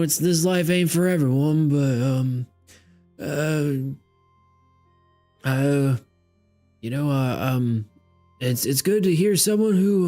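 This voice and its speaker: A folksy old farmer drawls with a Southern twang, as a man puts him on. His thin, crackly voice sits a little high and creeps along at a very slow pace. Soft music plays underneath. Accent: put-on Southern twang. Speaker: game master voicing a character.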